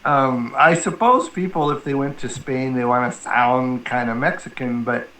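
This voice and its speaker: A man's voice: medium pitch, fairly even intonation, moderate pace, pushed and bright, roomy sound, slight background noise, rough recording. A man chatting casually as a guest, rambling and joking with many fillers. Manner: rambling, filler-heavy, jokey. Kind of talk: casual chat.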